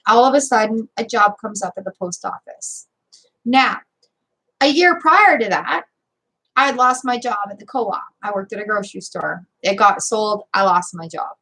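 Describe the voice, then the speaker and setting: A middle-aged woman reading tarot on a live stream, telling a story in a chatty, animated way and talking straight to her viewers. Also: mid-range voice, normal speed, gravelly, poor audio. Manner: animated, talks straight to viewers, repeats phrases for emphasis.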